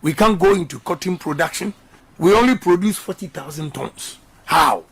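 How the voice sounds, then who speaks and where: A man's voice: high-pitched, animated, moderate pace, fairly bright tone, husky. A middle-aged man with a Ghanaian accent giving an impassioned radio interview as a politician, emphatic and repeating slogans. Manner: emphatic, repeats slogans, mixes English and Twi. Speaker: politician guest.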